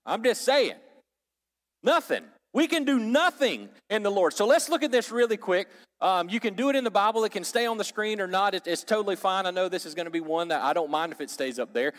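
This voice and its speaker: A man preaches a teaching sermon to his congregation, talking casually and tossing questions to the room. His voice sits a bit high for a man. The sound rings with a long hall reverb. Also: expressive, fairly quick. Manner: conversational, asks the audience questions, jokes. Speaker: pastor or Bible teacher.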